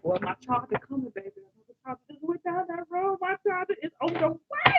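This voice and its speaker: A woman giving a live tarot reading, animated, exclaiming and repeating phrases to her listeners. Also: sits high, brisk, hardly any pauses, very noisy. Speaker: tarot reader. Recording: dull lo-fi sound.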